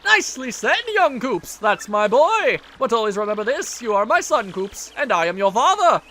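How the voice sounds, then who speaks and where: A hearty turtle father , voiced by a man, speaks proudly and fondly to his son. His delivery is lively and bright. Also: very high-pitched, moderate pace, slight background noise, heavily acted. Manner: hearty, affectionate, paternal.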